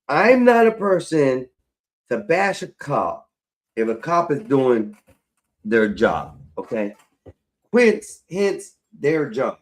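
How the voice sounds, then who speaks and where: Man, mid-pitched voice, casual live-stream talk, rambling, swearing, chatty with viewers. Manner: loose, profane, rambling, addresses viewers as y'all. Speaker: livestreamer. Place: at home, fixing his hair on camera.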